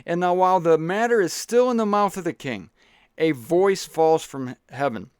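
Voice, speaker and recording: A man's voice: sits high, lively intonation, moderate pace, clear, resonant tone, no room sound, clean studio sound. A man giving a casual, joking Bible teaching talk, digressing as he goes.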